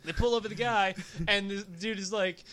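A man's voice: high voice, normal speed, pushed and bright. A man telling stories in casual chat, rambling and profane, with lots of filler words. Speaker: storyteller.

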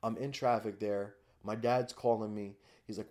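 A man's voice: medium pitch, fairly even intonation, moderate pace, few pauses, darkish tone. A man, a podcast guest, telling his personal story in a candid, raw way, often swearing.

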